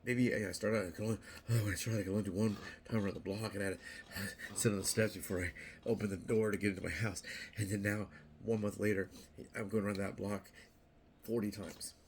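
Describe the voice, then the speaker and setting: A man's voice: lowish voice, fairly even intonation, fast talker, slight background noise. An older man talking casually to camera as a vlogger, rambling and repeating himself, playfully acting out little quoted voices. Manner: rambling, repeats words and restarts often. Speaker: YouTube vlogger.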